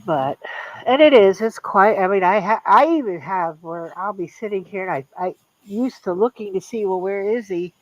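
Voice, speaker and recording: An older woman, a guest in a casual chat, talking haltingly with many restarts about a loss. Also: medium pitch, dull audio, a little hiss or hum.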